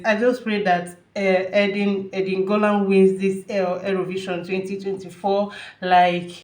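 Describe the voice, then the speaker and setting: A woman's voice: mid-range voice, fairly even intonation, unhurried, darkish tone. Gushing woman reacting in an echoey room. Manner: effusive and emotional, gushing praise. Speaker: reaction channel host. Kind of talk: casual reaction commentary.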